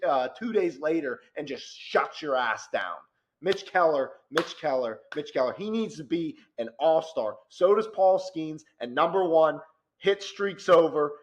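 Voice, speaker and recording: A man co-hosting a casual sports podcast, talking animatedly and growing loud and worked up as he rants. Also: on the high side, moderate pace. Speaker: podcast co-host.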